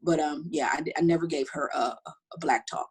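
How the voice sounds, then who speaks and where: A middle-aged woman telling personal stories in an interview, talking quickly and animatedly with many restarts. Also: sits low. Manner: fast, animated storytelling with frequent restarts. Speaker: interview guest. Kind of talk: candid personal storytelling.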